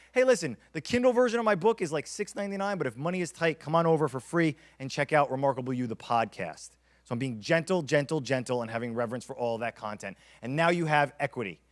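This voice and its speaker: A man giving a conference keynote, energetic and storytelling, acting out quotes as he goes. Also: a little high. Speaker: keynote speaker.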